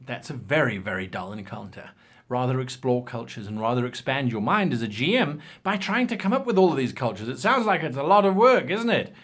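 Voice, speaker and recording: A man gives game-master tips in a casual, opinionated talk, animatedly acting out examples as he goes. His mid-range voice is fairly quick and slightly rough.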